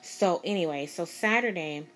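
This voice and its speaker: Low-voiced woman telling a rambling story. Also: moderate pace, fairly bright tone, soft background music. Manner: rambling, emphatic, repeats herself. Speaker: vlogger. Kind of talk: casual personal storytelling.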